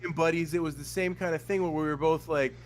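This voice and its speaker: A man co-hosting a podcast, in casual profane chat, animated and full of mimicry. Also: on the high side, fast talker, slight background noise. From Miami. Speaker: podcast co-host.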